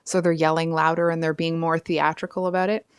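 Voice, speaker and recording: A woman's voice: low voice, little pitch movement, a little fast, clean tone, no room sound, clean studio sound. A woman giving a casual tarot reading, chatty and rambling, with frequent asides and apologies. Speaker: tarot reader.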